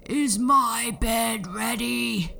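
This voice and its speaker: A woman voicing a horrible, lazy old male giant who bellows slow, drawn-out demands in a storybook reading. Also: on the high side, creaky, sharp tone, a little hiss or hum, voice pushed up, full character voice. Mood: roaring.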